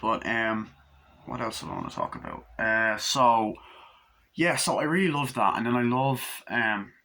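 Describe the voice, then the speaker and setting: A man's voice: lowish voice, big pitch swings, a little slow, gravelly, bright, forceful tone. A young man casually reviewing a film, rambling with lots of fillers and offhand swearing.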